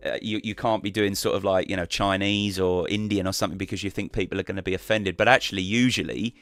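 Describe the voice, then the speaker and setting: A man's voice: sits low, fairly even intonation, fast, fairly bright tone, no room sound. A man chatting casually as a guest on a live stream, rambling and restarting his sentences.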